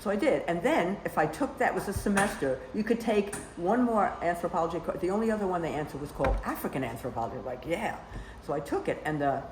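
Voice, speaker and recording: With a lowish voice, an older woman on as a storytelling guest rambles through long personal tales in casual conversation, often adding "you know." The background is noisy and the room sound is echoey.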